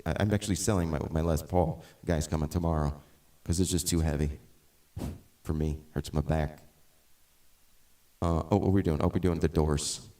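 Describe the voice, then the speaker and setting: A man's voice: a bass voice, fairly even intonation, moderate pace, mellow. A middle-aged man chatting casually as the host of a live music stream, rambling with many restarts and tangents.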